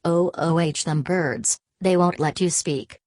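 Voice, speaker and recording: A woman reading the part of a shrill, bustling laborer's wife in an audiobook. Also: measured pace, darkish tone, no room sound, lightly acted. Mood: fussing.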